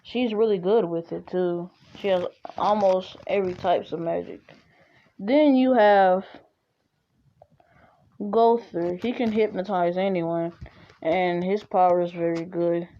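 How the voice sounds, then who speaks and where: A woman's voice: fairly low pitch, steady tone, measured pace, highs cut off. A young woman casually retelling a fan-made story, rambling with lots of fillers and self-corrections.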